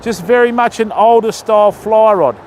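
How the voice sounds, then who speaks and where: A high-pitched Australian man chats casually on a live fishing stream, ribbing his viewers with easy banter as he casts outdoors. Faint outdoor noise sits behind his voice. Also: normal speed.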